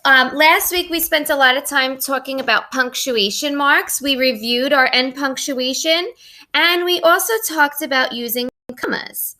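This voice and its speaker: A woman's voice: high voice, unhurried, bright, forceful tone. A middle-aged woman teacher giving a recorded writing lesson to young pupils, explaining patiently step by step.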